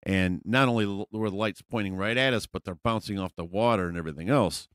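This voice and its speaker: A man with a low voice tells a story in a loose, rambling style. He swears freely and leans on fillers. The sound is close and dry, with no room echo. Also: fast talker, a bit bright. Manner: rambling, profane, frequent fillers. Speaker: vlogger. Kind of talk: casual storytelling.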